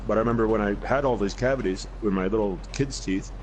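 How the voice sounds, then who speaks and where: A middle-aged man chats casually while gaming, rambling through a story and swearing freely. His voice sits low. A faint hiss runs under the recording. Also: fast, a little mellow, rough recording. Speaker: podcast co-host.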